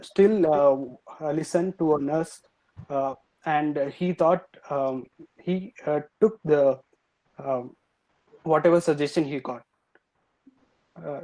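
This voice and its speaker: A nervous young man answering a panel's questions, hesitating with many filler pauses. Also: on the high side, mellow, poor audio. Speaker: student presenter.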